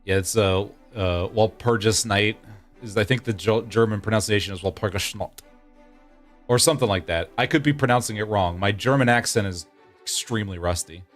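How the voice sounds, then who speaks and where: Low-voiced man chatting and laughing. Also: fast, faint music behind. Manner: laughing, rambling, often restarting sentences. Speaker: streamer. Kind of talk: casual gameplay chat with viewers.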